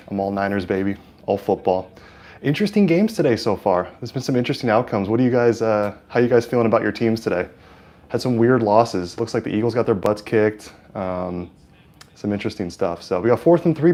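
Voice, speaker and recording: A man's voice: fairly low pitch, a little mellow. Chatty man streaming a football game. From California. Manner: chatty, hesitant with many fillers, hyped at plays. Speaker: livestream host. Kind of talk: casual live-stream chat and game commentary. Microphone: lapel mic.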